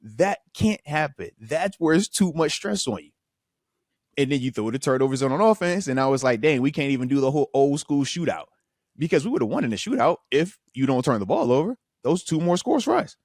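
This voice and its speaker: Man, sports talk host, emphatic, fired-up repetition, fairly high voice, dry close sound. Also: a little fast, no echo. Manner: animated, frustrated, emphatic repetition. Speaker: podcast host, former linebacker.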